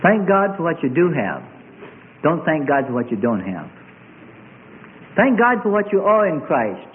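A man preaching a rousing sermon, swinging from loud high cries to low murmurs. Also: very animated, a little slow, a little hiss or hum. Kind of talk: fiery sermon. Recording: tinny lo-fi phone-like sound.

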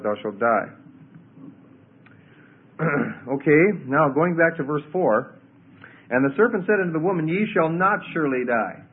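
Man, Bible class teacher, husky voice, conversational with fillers, lo-fi phone-like audio. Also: mid-range voice. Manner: conversational, many fillers and restarts, takes questions. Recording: tinny phone-like lo-fi recording.

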